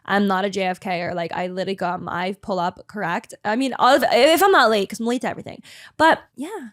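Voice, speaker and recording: Fast-talking chatty young woman, dry close mic. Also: medium pitch, no echo. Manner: chatty, animated, full of "like" fillers. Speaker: podcast host. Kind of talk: casual storytelling monologue.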